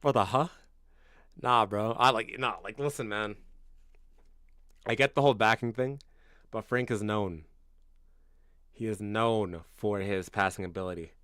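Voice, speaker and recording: Heard through a dry, studio-quality recording, the voice is fairly low and smooth, unhurried and full of frequent pauses. It belongs to a twenty-something Canadian who streams about football, answering viewers bluntly with slang, lots of "bro" and open cursing. Every so often he bursts out loud and incredulous.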